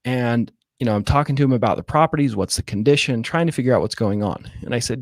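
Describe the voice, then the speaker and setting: A man's voice: medium pitch, fast, few pauses, no room sound. Dry-sounding man explaining phone scripts. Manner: acts out sample phone scripts, says "right?" often. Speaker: real estate wholesaler guest. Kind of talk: casual interview talk.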